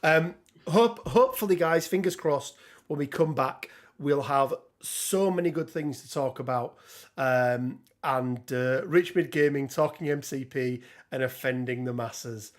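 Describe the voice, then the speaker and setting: A man's voice: mid-range voice, unhurried. A man hosting a casual livestream chat, laughing often and filling gaps with ums. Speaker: host.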